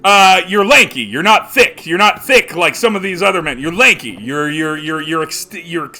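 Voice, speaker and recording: A man voicing a fawning male carnival game barker with stammering, flattering patter. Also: fairly high pitch, moderate pace, faint music behind, exaggerated voice.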